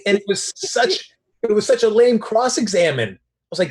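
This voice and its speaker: A man's voice: sits high, lively intonation, moderate pace. A man chatting as a soap opera recap panelist in a wry, exasperated way. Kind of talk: casual chat.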